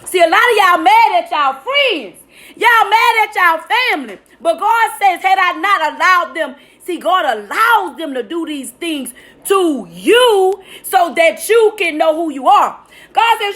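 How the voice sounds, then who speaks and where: A woman's voice: very high-pitched, expressive, unhurried, fairly bright tone. A middle-aged woman giving an emphatic, preachy spoken testimony straight to her viewers. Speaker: vlogger sharing a testimony. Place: at her workplace with a customer nearby.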